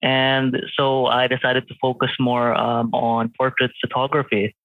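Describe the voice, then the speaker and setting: A man in his late twenties, a photographer appearing as a guest, chats casually in an interview, his mid-range voice monotone and a little slow, full of fillers and restarts. The recording is dry and comes through a tinny, phone-like call line.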